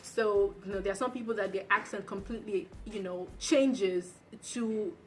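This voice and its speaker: A woman's voice: medium pitch, moderate pace, a little hiss or hum. A young woman who moved to the United States, giving chatty, casual advice to camera with lots of fillers. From abroad, migrated to the United States. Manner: chatty, storytelling, many fillers. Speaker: vlogger.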